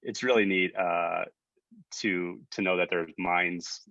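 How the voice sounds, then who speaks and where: A man's voice: deep voice, fairly even intonation, slow, gravelly, bright, forceful tone, no echo, dull audio. A middle-aged man hosting an online gathering, talking casually with many restarts and fillers. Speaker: event host. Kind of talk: casual hosting on a video call.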